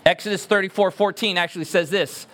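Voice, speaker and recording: A man's voice: high-pitched, steady tone, fast, fairly bright tone. A man preaching a sermon as pastor, emphatic and earnest, repeating words for stress.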